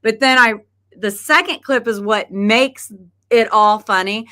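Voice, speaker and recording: A woman's voice: fairly high pitch, a little slow, pushed and bright. A middle-aged woman hosting a podcast, chatting casually and laughing often as she tells stories. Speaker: podcast host. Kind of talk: casual chat.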